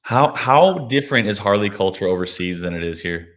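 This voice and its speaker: Low-voiced easygoing male host. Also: expressive, fairly quick, a bit bright. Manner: brief encouraging interjections and easygoing questions. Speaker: interview host. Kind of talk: casual interview.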